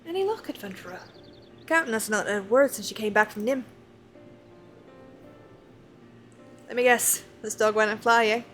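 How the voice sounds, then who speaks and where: A woman's voice: fairly high pitch, quick pace, a bit bright, faint music behind, natural voice. Woman doing a rambling old pirate crewmate. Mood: rueful. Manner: salty sailor's dialect, rambling and sentimental. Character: chatty old pirate crewmate, rough and fond. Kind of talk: reading game dialogue aloud.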